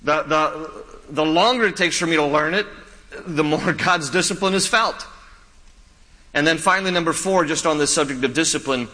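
Bright and forceful, his voice slightly high, a pastor delivers a sermon at moderate pace, hammering key lines through repetition and slipping in funny anecdotes. The sound carries the long echo of a big hall.

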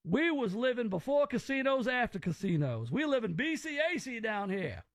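A man's voice: very high-pitched, big pitch swings, normal speed, fairly bright tone, no echo, voice pushed up, full character voice. A man doing a blustering Gulf Coast uncle. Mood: blustery. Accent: Mississippi Gulf Coast. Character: blustering Southern uncle, loud rooster type.

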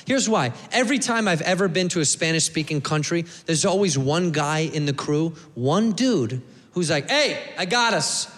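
An American man doing a profane stand-up comedy set, loudly acting out characters. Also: fairly high pitch, animated, normal speed, long reverb tail. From United States. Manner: loud, profane, acts out characters.

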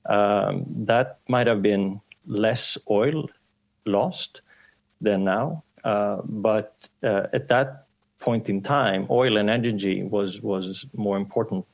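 A man's voice: lowish voice, takes it slowly, highs cut off. A man answering interview questions as an economics professor, hesitant with many fillers, over a breaking-up remote line.

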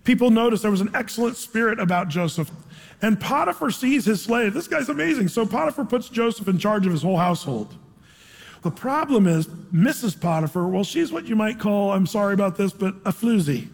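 A man's voice: sits high, expressive, brisk, creaky. A male pastor preaching a sermon, retelling a story in a casual, dramatic way with acted voices. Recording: echoey hall.

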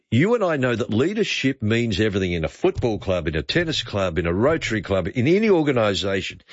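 Chatty talkback host, low voice. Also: male voice, no room sound. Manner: chatty, musing, reads listener texts aloud. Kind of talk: late-night talkback radio. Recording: muffled radio broadcast.

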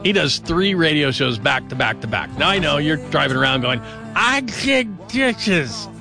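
A man's voice: medium pitch, expressive, brisk, vocal fry, over music. A man hosting a late-night sports radio show, chatting and joking in a rambling, casual way. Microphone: studio microphone.

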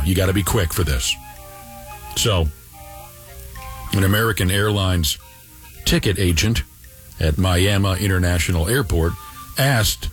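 A man hosting a radio show, telling an odd news story with sarcastic, mock-impressed banter. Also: low voice.

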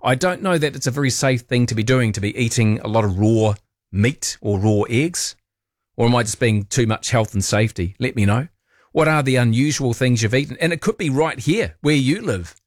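A man's voice: medium pitch, no echo, studio quality. A man with a New Zealand accent hosting a talkback radio show in a playful, chatty way with jokey asides. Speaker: radio talk host. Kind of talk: casual talkback chat. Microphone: studio microphone.

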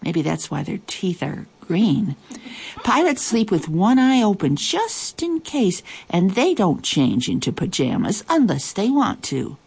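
A woman reading a children's story aloud in a lively, expressive way. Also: medium pitch, a little slow, vocal fry, slightly rough. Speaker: storybook reader.

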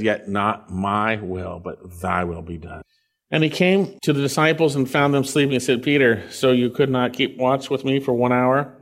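A man preaching an earnest sermon, reading scripture aloud and explaining it, rising on key phrases and dropping quiet to stress others. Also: fairly low pitch. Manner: earnest, swells loud on key phrases then drops quiet.

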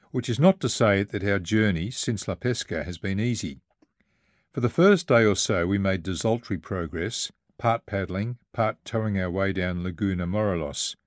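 A man reading a first-person travel memoir aloud, in a measured and vivid storytelling manner. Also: fairly low pitch, dry recording, studio quality. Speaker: narrator. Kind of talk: first-person audiobook narration.

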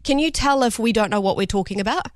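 A New woman hosts a breakfast radio show, chatty and quick. She often stumbles over tricky words and laughs them off. Her voice sits a little high and sounds dry and close in the studio. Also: expressive, dry recording. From New Zealand. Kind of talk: casual radio chat.

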